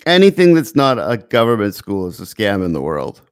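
A man's voice: fairly low pitch, wildly swooping pitch, fairly quick, clear, resonant tone. A man co-hosting a casual chat, trading wry, teasing quips. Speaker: podcast co-host.

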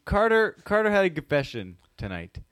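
A man's voice: sits high, huge pitch swings, moderate pace, a bit bright, clear, resonant tone. A man co-hosting a casual podcast, earnest and emphatic, often repeating himself. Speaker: podcast co-host. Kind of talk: casual chat.

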